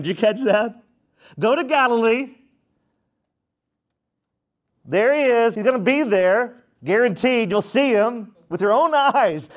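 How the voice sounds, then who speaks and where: Pastor guy preaching, kinda high voice, takes his time, keeps asking the crowd questions. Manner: preaching with emphatic repetition and questions to the congregation. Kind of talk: sermon.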